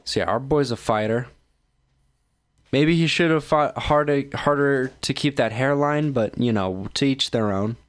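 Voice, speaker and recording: A man's voice: mid-range voice, measured pace, clean tone. Tired man rambling through casual commentary. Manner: joking, self-mocking, loose. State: tired, yawning. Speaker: streamer host reacting to videos.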